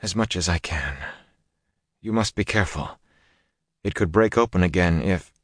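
Guy reading as a stern sorceress lady, clipped and commanding, low dry voice. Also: moderate pace, dry recording, close to an everyday voice. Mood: faint. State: exhausted, speaking faintly. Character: stern sharp-tongued woman sorceress healer.

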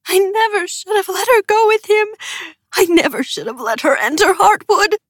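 A woman's voice: very high-pitched, fairly even intonation, slow pace, vocal fry, no echo, studio quality, pitched above the performer's own voice, full character voice. Woman doing a grieving, pleading mother. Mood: anguished. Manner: pleading, broken.

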